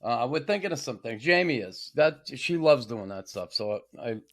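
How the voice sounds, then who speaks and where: A man's voice: mid-range voice, lively intonation, normal speed. Blunt older man with a Boston accent. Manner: blunt, profane, joking. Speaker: podcast host. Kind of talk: casual chat.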